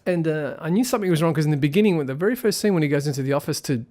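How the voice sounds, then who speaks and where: A man's voice: a little high, rapid-fire, dark tone. A man giving a casual spoken film review, rambling and critical as he thinks aloud.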